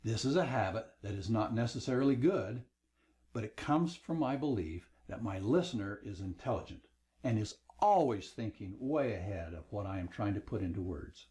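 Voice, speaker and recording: A man's voice: fairly low pitch, animated, normal speed, warm tone. A middle-aged man teaching a recorded lesson on speaking, lecturing with varied emphasis. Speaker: instructor.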